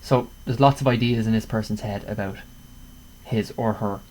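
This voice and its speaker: A man's voice: fairly low pitch, fairly even intonation, normal speed, darkish tone, slight background noise, low-quality recording. A man teaching a class about poetry, patiently repeating key points and often checking in with "okay?". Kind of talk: classroom lesson explaining poetry. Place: home room by a window.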